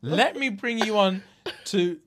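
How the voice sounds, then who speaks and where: A man, co-hosting a casual podcast and telling a story in an animated way, full of slang and laughter. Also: high-pitched, slow pace. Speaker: podcast co-host. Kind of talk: casual chat.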